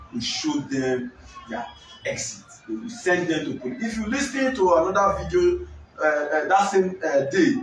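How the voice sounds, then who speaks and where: A man from Nigeria hosting a political discussion, emphatic and often shouting, drawing out words for stress. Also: on the high side. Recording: echoey room, voice from far off, faint music.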